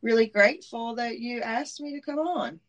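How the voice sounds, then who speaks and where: A woman's voice: fairly high pitch, normal speed, rough recording. A woman in her forties from Middle Georgia with a Southern accent, a podcast guest talking candidly with lots of ums and hesitations. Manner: hesitant, many ums, laughs easily. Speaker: interview guest. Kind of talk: candid conversational interview.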